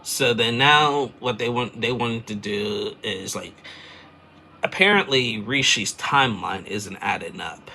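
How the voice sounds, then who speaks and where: A man's voice: fairly low pitch, a little slow, creaky, sharp tone, slight background noise. A man casually recapping a reality TV episode, rambling and chatty with lots of fillers. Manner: rambling, chatty, loose filler-heavy storytelling.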